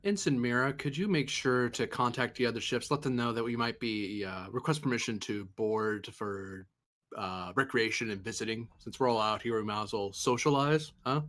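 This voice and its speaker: A man's voice: medium pitch, moderate pace, a bit bright. A man playing a first officer in a tabletop role-play game, casual and joking with some hesitations.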